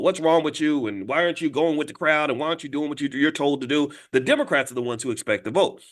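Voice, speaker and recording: Man, middle-aged, streaming host, rapid delivery, animated, mid-pitched voice. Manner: fast, animated, acts out quoted voices with big pitch jumps. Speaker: online show host. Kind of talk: fast live-stream commentary.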